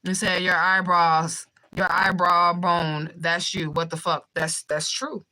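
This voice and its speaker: A young woman hosting a livestream, talking fast and bluntly with swearing while she reads out viewer comments. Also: on the low side, little pitch movement, pushed and bright, poor audio. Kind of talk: fast casual livestream talk.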